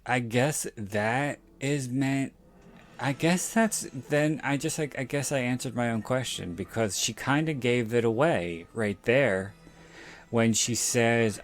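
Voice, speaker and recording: A man hosting a podcast, reviewing a horror episode in casual chat, sounding exasperated, skeptical and halting. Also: mid-range voice. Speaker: podcast host.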